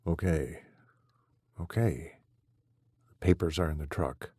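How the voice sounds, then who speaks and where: A man's voice: a bass voice, takes it slowly, dark tone, slightly rough, dry recording, exaggerated voice. A man voicing a desperate, stubborn rancher husband in an audiobook, urging and pleading. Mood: soothing. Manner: urgent, pleading.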